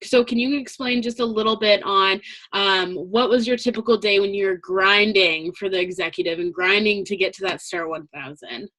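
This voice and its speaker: A woman's voice: mid-range voice, fairly even intonation, moderate pace, fairly bright tone, poor audio. Encouraging woman hosting a call. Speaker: host of a training call. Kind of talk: interviewing a guest.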